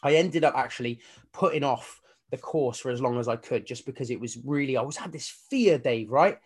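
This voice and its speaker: This fitness coach, a guest in a casual interview, speaks fairly quickly in a mid-range, slightly rough voice. Telling his story with animation, he swears offhandedly and acts out his own inner voices.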